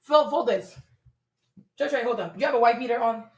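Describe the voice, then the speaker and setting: A woman's voice: fairly high pitch, a little fast, reverberant. A woman hosting a livestream, talking emphatically and repetitively, often stammering and restarting her words. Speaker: livestream host; mother. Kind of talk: heated livestream commentary.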